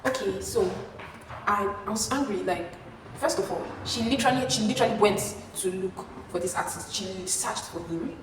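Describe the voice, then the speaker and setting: A young woman tells a story to her vlog audience, lively and expressive, leaping up in pitch whenever she mimics someone. Her voice carries a strong echo and sits at a distance from the mic, with a faint hiss behind it. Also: moderate pace. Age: young adult. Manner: animated, acting out quotes with sudden pitch jumps. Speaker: vlogger. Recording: echoey room, far from mic, faint hiss.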